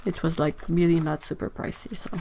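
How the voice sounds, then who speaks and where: Livestreaming her art, a woman reads comments and chats casually, sounding sleepy and rambling, laughing often and restarting sentences. Her deep voice is level, brisk and dark in tone, with slight background noise.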